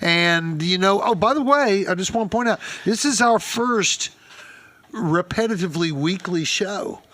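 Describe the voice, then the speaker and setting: Male podcast host, high bright voice, jokey animated storyteller. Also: a little slow, dry recording. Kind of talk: casual podcast chat.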